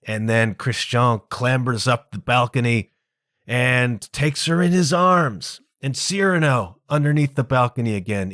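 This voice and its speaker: A man hosting his own podcast, retelling a famous play scene in a casual, emphatic, animated monologue with bits of slang. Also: mid-range voice, no room sound, studio quality. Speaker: podcast host.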